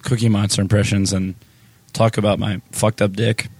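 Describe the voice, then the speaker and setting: A man's voice: lowish voice, flat delivery, normal speed, a little mellow, slightly rough, dry recording. A man in a backstage dressing room trading crude, self-mocking jokes in casual banter. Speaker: band member in a backstage chat.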